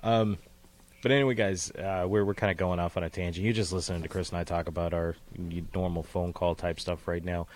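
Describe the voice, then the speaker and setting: Deep-voiced rambling male podcast host. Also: fairly even intonation, fairly quick, a little mellow. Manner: rambling, profane, laughs easily. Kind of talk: casual podcast chat.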